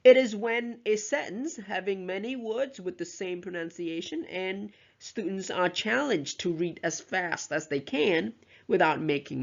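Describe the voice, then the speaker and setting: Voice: mid-range voice, vocal fry, highs cut off. A teacher giving a recorded lesson, explaining carefully and modelling example words aloud. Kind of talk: recorded lecture explaining pronunciation.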